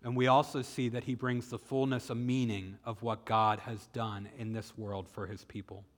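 A man with a Southern US accent preaching a sermon, retelling the story dramatically and slowing down for emphasis. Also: medium pitch, level tone. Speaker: pastor. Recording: echoey hall with long reverb.

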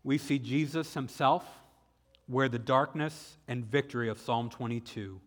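A man with a Southern US accent preaching a sermon, retelling the story dramatically and slowing down for emphasis. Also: mid-range voice. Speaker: pastor. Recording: echoey hall with long reverb.

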